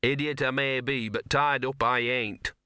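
A weary old mutt with creaky joints and a sardonic, grumbling manner, as a man puts him on. He talks in slow, muttered asides with a bright, crisp edge. It is a dry, close storybook reading. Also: medium pitch, fairly even intonation, no echo. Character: grumpy old arthritic male street dog.

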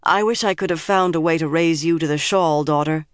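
A woman's voice: low-pitched, a little fast, dry recording, natural voice. Stern old woman in command, as a narrator reads her. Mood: measured. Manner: hard, dry and authoritative. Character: stern older woman leader, commanding and shrewd.

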